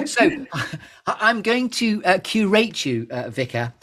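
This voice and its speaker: A man's voice: high voice, sing-song, unhurried, a bit bright. A man hosting a chatty live podcast interview, playful and theatrical, wandering off on tangents. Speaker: podcast host.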